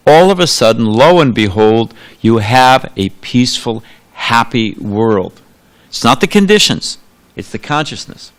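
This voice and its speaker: A man's voice: mid-range voice, a bit bright. A man giving a sermon in a temple, talking in a loose conversational way, trailing off into asides and restarting his sentences. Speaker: preacher. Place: temple hall.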